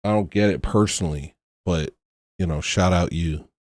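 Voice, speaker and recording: Male livestream host, lowish voice, close dry mic, sarcastic and weary. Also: moderate pace, darkish tone, no echo. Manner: sarcastic, exasperated, mocking. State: tired. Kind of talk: casual livestream talk.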